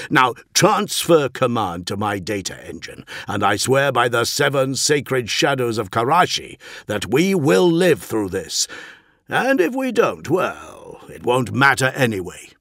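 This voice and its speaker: A man voicing a reckless, gleeful male engineer in an audiobook, talking in an excitable, teasing way with a raised voice. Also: mid-range voice, no room sound, clean studio sound, heavily acted. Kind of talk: audiobook character voice.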